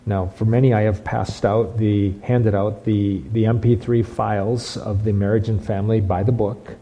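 Husky-voiced male pastor preaching. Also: fairly low pitch, little pitch movement, moderate pace, muffled recording. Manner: emphatic preaching with frequent restarts and repeated phrases. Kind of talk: sermon.

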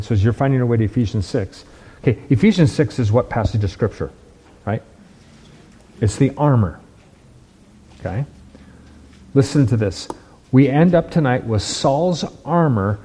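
Guy preaching a sermon, warm mellow husky voice, keeps asking right? okay?. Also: medium pitch. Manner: emphatic, checks in with "right?" and "okay?"; repeats and restarts words while building points.

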